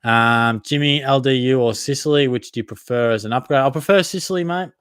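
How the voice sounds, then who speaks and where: A young Australian man hosts a live Q&A for a fantasy football podcast, reading viewer comments aloud and answering in a casual, matey style while often laughing at himself. His voice is medium-pitched, brisk, fairly bright and clean, recorded in a studio with no echo.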